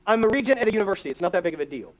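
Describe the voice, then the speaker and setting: A middle-aged man preaching a sermon, an emotional storyteller who restarts sentences and adds quick asides. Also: high-pitched, lively intonation. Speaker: pastor.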